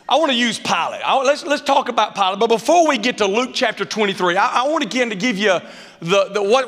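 A man preaching a sermon, telling funny personal stories in an animated way and acting out what people said. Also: high-pitched. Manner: animated storyteller, dialect grammar, acts out quotes. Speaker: pastor. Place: church sanctuary. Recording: reverberant hall sound.

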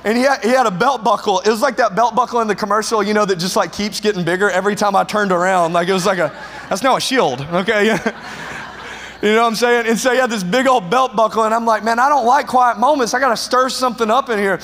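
High-voiced preacher in a reverberant hall. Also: male voice, fast talker. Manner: energetic, self-mocking, frequent laughter. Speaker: pastor. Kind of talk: humorous storytelling sermon.

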